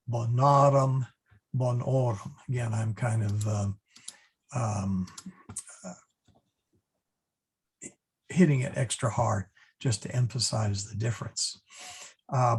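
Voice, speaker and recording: A man teaching a Latin class, talking in a halting way with many fillers and restarts and chuckling at his own jokes. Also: medium pitch, vocal fry, husky. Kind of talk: online class lecture.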